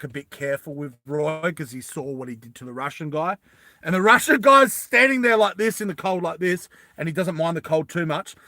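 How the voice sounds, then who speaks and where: Guy rambling thru a made-up story, bright forward voice, kinda high, super dry close mic. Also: no room sound. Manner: rambling, loose, full of fillers and restarts; acts out characters' lines in quick bursts. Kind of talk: improvised storytelling to an audience.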